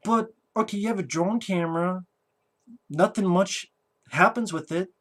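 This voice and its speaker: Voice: mid-range voice, measured pace, a bit bright. A film reviewer giving a casual movie review rant, talking in a blunt, sarcastic way with a lot of swearing.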